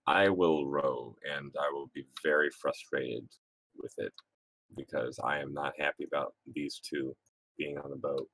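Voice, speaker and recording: A man playing a tabletop game, speaking slowly and deliberately. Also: a bass voice, fairly even intonation, fairly bright tone, slightly rough, no room sound. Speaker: player.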